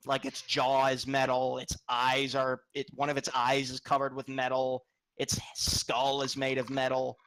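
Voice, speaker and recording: A man's voice: mid-range voice, monotone, measured pace, a bit bright. A man running a tabletop game as game master, describing monsters with stammers and restarts.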